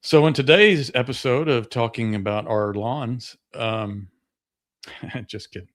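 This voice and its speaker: A man co-hosting a sports podcast, chatting in a relaxed, rambling way with plenty of fillers. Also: medium pitch, slow pace. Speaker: podcast co-host. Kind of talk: casual sports chat.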